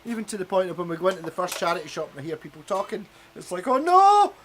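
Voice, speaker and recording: A man's voice: high voice, racing, music in the background. A Scottish man hosting a livestream, chatting casually, swearing freely and mimicking people. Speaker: livestream host. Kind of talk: casual chat.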